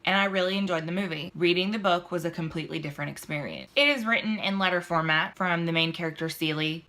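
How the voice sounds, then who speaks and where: Young woman book vlogger, low-ish bright voice, casual chatty delivery. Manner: chatty, with fillers and a Southern "y'all"; emotional and emphatic at times. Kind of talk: casual book review chat.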